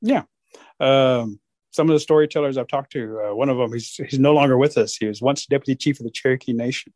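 A man's voice: mid-range voice, brisk, a little mellow, no echo. A man, telling folksy stories in casual conversation. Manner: folksy, with playful animal voices. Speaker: storyteller. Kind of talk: casual storytelling.

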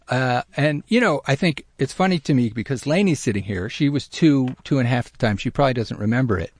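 A middle-aged man telling a personal story in a lively, self-deprecating way, with many restarts. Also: medium pitch, fast talker, few pauses. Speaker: storyteller guest.

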